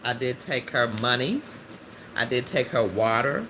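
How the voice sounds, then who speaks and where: A man's voice: mid-range voice, lively intonation, unhurried. A man hosting a casual livestream, chatting freely and answering viewer comments aloud, laughing often. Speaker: livestream host. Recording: noisy background ambience.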